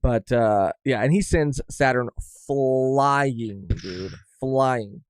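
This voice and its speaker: A man's voice: mid-range voice, drawn-out words, clean tone, dry recording, studio quality. A man co-hosting a podcast, chatting casually and animatedly about a manga chapter, swearing freely and often restarting his sentences. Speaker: podcast co-host. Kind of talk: casual chat reviewing manga.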